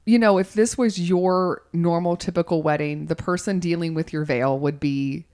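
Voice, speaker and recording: Woman co-host, casual chat, animated storyteller, lowish pitch. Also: moderate pace. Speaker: podcast co-host.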